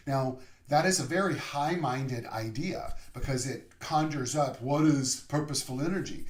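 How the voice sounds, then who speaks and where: A man delivering a sermon as minister, slow and deliberate, sometimes dropping to a soft whisper. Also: medium pitch, reverberant. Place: online service over video call.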